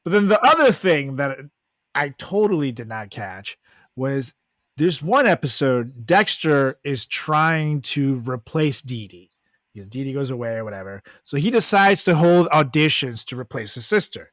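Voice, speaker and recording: A man's voice: mid-range voice, very animated, normal speed, fairly bright tone, no echo. A man co-hosting a podcast in casual chat, crude and laughing as he tells stories. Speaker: podcast co-host.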